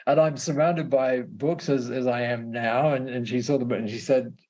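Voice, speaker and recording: A man, a podcast guest, telling stories in a halting conversational way, repeating words and laughing often. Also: mid-range voice, steady tone, darkish tone. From Australia. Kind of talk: casual conversational storytelling.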